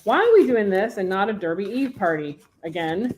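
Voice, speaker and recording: A woman voicing a sharp-tongued, hungover young woman with a snappish, irritated manner while reading aloud from a novel. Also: mid-range voice, sing-song, moderate pace, slight background noise, close to an everyday voice.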